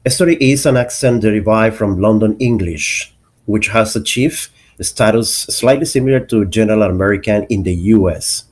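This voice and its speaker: A man's voice: lowish voice, normal speed. A man teaching an English pronunciation lesson, carefully enunciating each example word.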